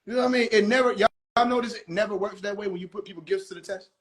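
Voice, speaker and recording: A livestream host rants on his phone stream, mocking people with constant swearing in a profane comedic way. His high-pitched voice races along, animated and mocking.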